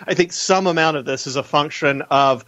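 A man with a somewhat high voice, calling in as a guest on a talk radio show. He explains a news story in an animated, argumentative way and keeps addressing the host. The sound is dry, with no room around it. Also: brisk, no echo, dull audio. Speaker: guest news editor on a phone-in. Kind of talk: radio interview.

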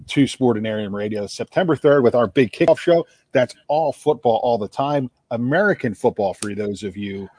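Husky South Jersey man co-hosting. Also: medium pitch, darkish tone, no room sound. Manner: chatty, rambling, repeats words while thinking. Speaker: podcast co-host. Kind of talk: casual sports radio chat.

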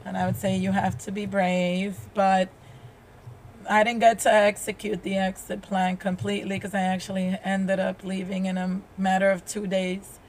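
A woman's voice: medium pitch, little pitch movement, normal speed, darkish tone, slight background noise. A woman guest telling her personal story in a podcast interview, earnest and openly emotional. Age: adult with a child. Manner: earnest, open, speaks with heartfelt emotion.

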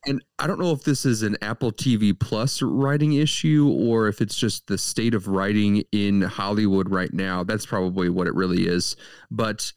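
A man's voice: on the low side, fairly even intonation, moderate pace, clear, resonant tone, dry recording. A man co-hosting a casual movie review podcast, talking in an easygoing, somewhat hesitant way. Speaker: podcast co-host.

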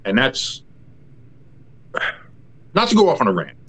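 A man co-hosting a casual sports podcast, talking in a rambling, halting way with many fillers and restarts. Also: medium pitch, wildly swooping pitch, a bit bright, a little hiss or hum. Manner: rambling, halting with many fillers, then a profane ranting tirade.

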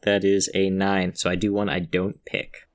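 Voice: low-pitched, flat delivery, normal speed. A player casually chatting during a tabletop game, dry in manner.

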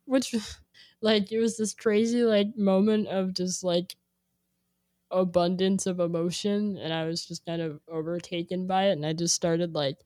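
Casting: young woman, casual chatter, lowish voice, unhurried, lots of "like" fillers; dry close recording. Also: dry recording. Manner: rambling, heavy use of "like", animated when quoting. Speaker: guest sharing a playlist. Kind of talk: casual chat.

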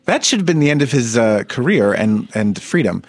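A man's voice: mid-range voice, big pitch swings, fairly quick, dry recording. Guy on a podcast reading wild news bits, laughs along, super dry close sound. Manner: reads stories aloud with laughing asides. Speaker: podcast co-host. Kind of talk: casual comedic news chat.

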